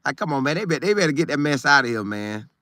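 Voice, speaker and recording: A man's voice: a little high, very animated, quick pace, sharp tone, no room sound. A middle-aged man, hosting a casual live stream, reading viewer comments in a loose, talkative way and repeating phrases for emphasis. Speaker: show host reading live chat. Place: Florida.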